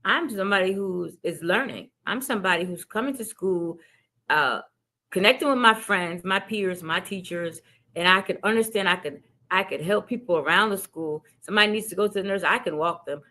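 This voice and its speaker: A middle-aged woman, a teacher hosting a podcast, telling classroom stories in a casual, animated way and acting out quotes. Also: medium pitch, brisk. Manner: storytelling, animated, acts out quotes.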